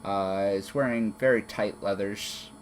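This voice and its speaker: A man narrating as game master of a tabletop game, relaxed, with many fillers and restarts. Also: lowish voice, a little slow, slight background noise. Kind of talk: narrating a tabletop game over an online call.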